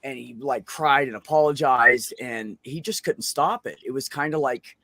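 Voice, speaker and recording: रूखी आवाज़ में गालियों भरी बातें करता आदमी. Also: male voice, mid-range voice, moderate pace, bright, forceful tone, no room sound. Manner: swears freely, rambling with many fillers. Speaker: open mic show host. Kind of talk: casual storytelling on a video call. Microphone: computer microphone on a video call.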